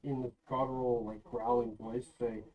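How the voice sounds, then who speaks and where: A man's voice: mid-range voice, little pitch movement, normal speed, distant mic, phone-quality sound. Rambling man game master, off-mic. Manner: loose, filler-heavy narration. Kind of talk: narrating a tabletop game.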